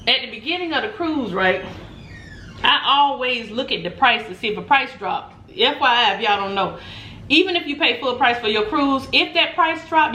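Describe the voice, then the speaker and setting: A woman vlogger telling a story in a casual chat, animated and laughing often, acting out what people said. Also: fairly high pitch. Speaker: mukbang vlogger. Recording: roomy echo, faint background noise.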